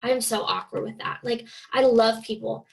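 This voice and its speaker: A young woman from Oregon talks casually on a team video call, her fairly high voice carrying a gravelly, creaky edge. She is chatty and leans on fillers, and she keeps slipping into little impressions of the people she quotes. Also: steady tone, normal speed, low-quality recording. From Oregon, USA. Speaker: guest speaker, fitness coach.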